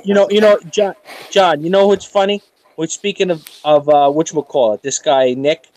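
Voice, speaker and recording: A man's voice: fairly high pitch, normal speed, no room sound. A middle-aged man from New York chatting on a late-night live stream, telling stories with lots of animation. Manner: animated storyteller, acts out others' voices. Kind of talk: casual late-night chat.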